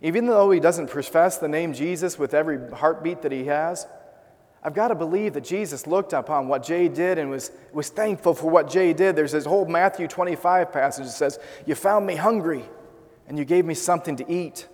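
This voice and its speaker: A man with a slightly high voice delivers an earnest sermon, weaving a personal story into rhetorical questions for his congregation. His words carry the long reverb of a large church hall. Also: a little fast, darkish tone. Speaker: pastor.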